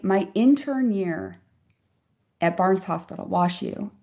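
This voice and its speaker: A woman's voice: medium pitch, animated, slow, gravelly, darkish tone. Woman, 50s, physician guest; earnest, reflective storyteller, mid-range voice. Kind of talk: conversational interview storytelling.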